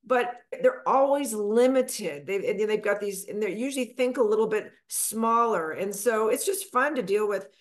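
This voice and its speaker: A middle-aged woman from Texas speaks as a financial advisor guest on an interview. She tells her story in a chatty, animated way, acting out the people she quotes with sudden jumps in pitch. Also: moderate pace, few pauses. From Texas, USA.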